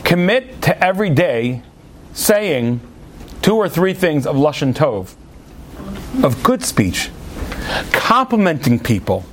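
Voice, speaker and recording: Middle-aged male preacher with a high voice who tells lively stories in his sermon. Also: slow pace, pauses often, a little hiss or hum. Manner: storytelling with acted quotes, animated delivery.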